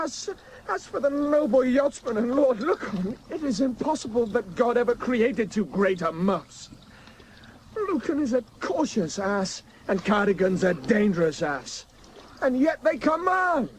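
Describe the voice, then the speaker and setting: A man's voice: very high voice, a little hiss or hum, exaggerated voice. An actor playing a furious, outspoken cavalry captain who rants bitterly against his commanders in a radio drama. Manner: bitter, ranting, scornful.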